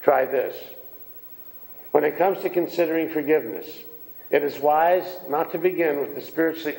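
Gravelly man preaching in an echoey hall. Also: medium pitch, darkish tone. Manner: conversational, folksy, asks the congregation questions. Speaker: minister. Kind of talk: sermon. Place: church hall.

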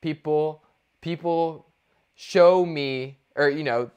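Ranting higher-voiced man. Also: takes it slowly, clear, resonant tone. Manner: animated ranting, many restarts and fillers. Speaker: podcast co-host. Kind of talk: casual sports talk.

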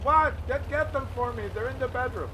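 A man putting on his hard-of-hearing mother in her sixties, who keeps asking confused questions and yells. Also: fairly quick, heavy background noise, close to an everyday voice. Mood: flustered. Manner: shrill repeated questions, yelling.

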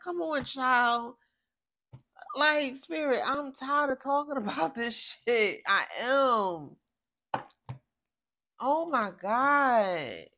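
A woman's voice: high voice, expressive, extremely slow, pauses often, pushed and bright. A woman from giving a casual spiritual reading, blunt, profane and exasperated, drifting off topic as she talks. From Philadelphia, USA. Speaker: tarot reader.

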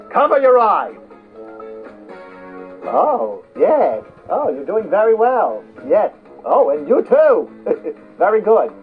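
Mad Hatter, a giggling scatterbrain. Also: male voice, full character voice. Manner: giggling, fussy and scatterbrained, fluttering pitch. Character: giggly eccentric male Mad Hatter hosting games. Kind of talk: theme-park character show with children. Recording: tinny lo-fi recording with faint music.

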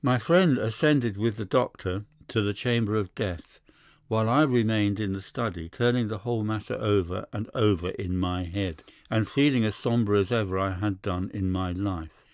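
A man narrating a classic story in a measured storytelling manner. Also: fairly low pitch, no echo, studio quality. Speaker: audiobook narrator. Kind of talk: scripted narration.

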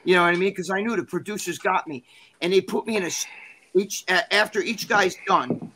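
A man guest in an interview, telling a story in a rambling, animated, profane way. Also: sits high, brisk, slight background noise. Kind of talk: casual storytelling.

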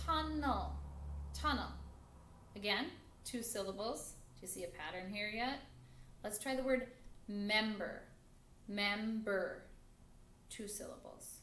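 Slow, patient woman teacher in an echoey room. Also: a little high, a bit bright. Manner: slow, patient, repeats words clearly for counting. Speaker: second grade teacher. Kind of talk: recorded phonics lesson for young children. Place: classroom with a screen. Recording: echoey room with faint background noise.

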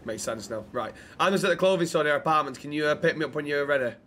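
A man's voice: fairly high pitch, lively intonation, fast talker, fairly bright tone, slight background noise. A young man streaming a role-play game, chatting casually and swearing freely. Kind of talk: casual role-play and chat shout-outs.

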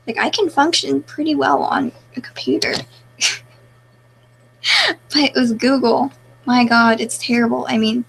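A woman with a slightly high, gravelly, crackly voice chats casually on a live stream. She reads viewer comments aloud and answers them offhandedly, trailing through fillers. A faint hiss sits under her voice.

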